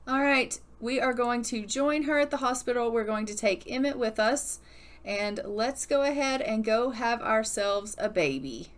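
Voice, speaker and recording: A young adult woman, a gaming YouTuber, gives chatty, upbeat, storytelling-style commentary while playing a life-simulation game. Her voice is fairly high and her pace unhurried.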